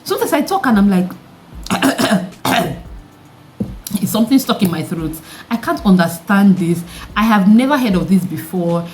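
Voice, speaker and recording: A young woman with a deep, mature-sounding voice, chatting candidly to camera in an animated way and throwing questions at her viewers. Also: unhurried, pauses often, faint music behind. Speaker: vlogger. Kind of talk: candid vlog chat to camera.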